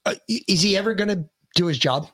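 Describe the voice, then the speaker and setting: A man co-hosting a political podcast, ranting heatedly and swearing, often breaking into shouts. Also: sits high, quick pace. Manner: profane, heated, shouting rants. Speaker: podcast co-host.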